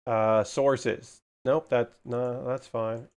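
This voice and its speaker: A man livestreaming his model kit hobby, chatting casually, muttering to himself and swearing freely, and getting excited about the kits. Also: mid-range voice, drawn-out words, clear, resonant tone.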